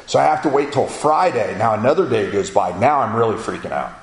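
A man's voice: mid-range voice, expressive, brisk. A man sharing his personal testimony as a spoken story, acting out the back-and-forth of conversations with "I go" and "he goes". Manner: storytelling that acts out dialogue with "I go" and "he goes". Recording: roomy echo with faint ambience.

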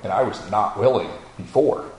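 His voice sits fairly low, with a darkish, expressive tone at an ordinary pace. The man narrates his testimony by acting out exchanges using "I go" and "he goes," while a little hiss or hum joins the roomy echo and faint ambience.

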